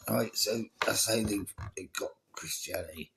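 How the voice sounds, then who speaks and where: A man's voice: lowish voice, normal speed, creaky, hardly any pauses, a bit bright, a little hiss or hum. A man delivering a profane, exasperated ranting monologue, often pleading with his listeners. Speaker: video creator.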